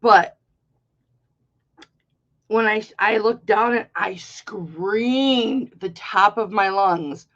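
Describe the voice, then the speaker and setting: Middle-aged woman host, chatty and rambling, slow delivery, muffled lo-fi stream sound. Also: medium pitch, a bit bright. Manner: chatty, rambling, playful storytelling. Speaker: live-stream jewelry auction host. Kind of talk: casual live-stream chat.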